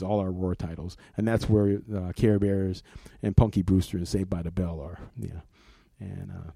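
Middle-aged guy chatting loosely in an interview, kinda low and mellow, repeats himself a lot. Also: no room sound. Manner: rambling, repeats words, laughs often. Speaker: comics art director. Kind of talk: casual interview talk.

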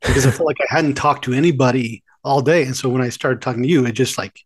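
A man's voice: medium pitch, quick pace, a little hiss or hum. A man co-hosting a podcast in casual chat, easygoing and prone to tangents. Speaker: podcast co-host.

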